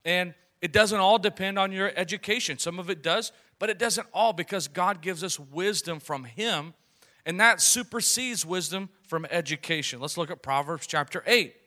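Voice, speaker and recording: A man preaching to a young adult group with a bright, forceful voice. He talks in a loose, conversational style, full of storytelling asides, and sits a little higher in pitch than most men. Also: normal speed. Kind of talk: sermon.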